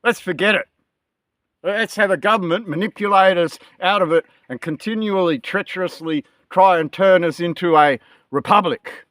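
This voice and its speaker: A man in a ranting monologue, reading scripture aloud and talking in a slow, emphatic, scornful manner. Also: sits high, fairly bright tone, no echo, clean studio sound. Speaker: political and religious commentator.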